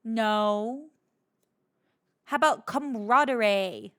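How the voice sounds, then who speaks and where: A woman with a high voice who speaks slowly, trolling an AI character with a deadpan, teasing manner. It is a playful chat. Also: dry recording, studio quality. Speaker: user chatting with an AI character.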